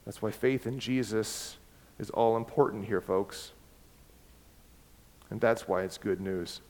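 Emphatic preacher in an echoing hall. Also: male voice, fairly low pitch, slow pace. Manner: emphatic, repeats key words, varies loudness. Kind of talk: sermon. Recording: long hall reverb.

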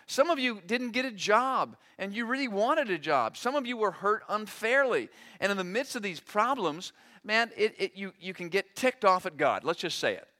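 A middle-aged man delivering a sermon, his voice pitched high and bright. He preaches with animation, slipping into short acted-out quotes as he goes. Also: lively intonation, normal speed. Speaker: pastor.

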